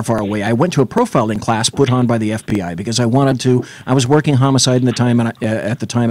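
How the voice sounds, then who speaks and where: A man's voice: mid-range voice, no room sound. A man hosting a casual radio talk show in a studio, rambling with wry, jokey asides. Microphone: studio mic.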